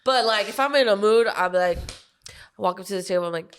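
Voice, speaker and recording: A woman's voice: mid-range voice, fast talker, clear, resonant tone. A woman co-hosting a podcast in casual chat, laughing often and swearing freely. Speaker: podcast co-host.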